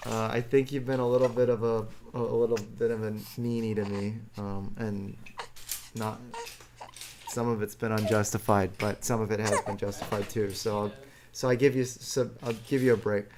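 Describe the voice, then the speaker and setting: A man's voice: fairly low pitch, little pitch movement, moderate pace, noisy background. Rambling, self-deprecating male streamer. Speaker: streamer reading viewer chat. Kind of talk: casual live-stream chat.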